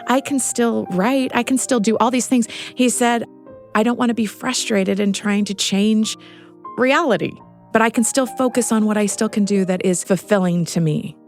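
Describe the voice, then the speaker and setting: A woman's voice: a little high, moderate pace, darkish tone, soft background music. A middle-aged woman, a guest in an interview, telling a personal story with earnest feeling. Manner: earnest, storytelling, at times choked up. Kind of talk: emotional interview.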